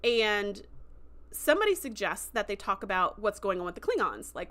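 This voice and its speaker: A woman hosting a casual livestream review, chatty and enthusiastic, with lots of fillers and quick acted-out quotes. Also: medium pitch, sing-song, a bit bright. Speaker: show host recapping a TV episode.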